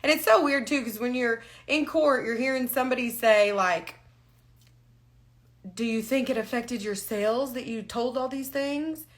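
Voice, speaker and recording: A woman's voice: on the high side, normal speed. A woman talking candidly on a live stream, frank and emotional, holding back tears. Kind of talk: casual live-stream talk. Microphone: phone or webcam on a live stream.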